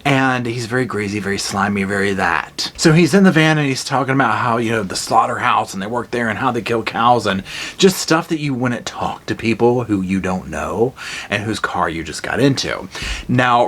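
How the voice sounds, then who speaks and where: A man giving a casual, animated horror movie review, retelling scenes with blunt, jokey asides. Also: fairly low pitch, normal speed. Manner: animated storytelling with acted-out quotes.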